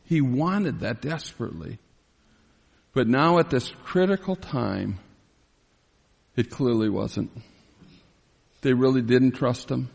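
A male pastor preaching through a scripture passage, reading verses and stopping to explain them. His mid-range voice carries a gravelly edge, and the sound hangs in the long reverb of a church hall. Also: mid-range voice, a little mellow. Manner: reads scripture aloud and pauses to explain, grows pleading when voicing Joseph. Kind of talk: expository Bible sermon.

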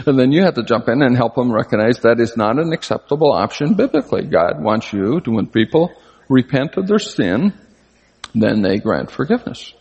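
An older man with a husky voice preaching an earnest, conversational sermon, his pitch leaping up for emphasis. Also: big pitch swings, moderate pace, darkish tone, highs cut off. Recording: long hall reverb.

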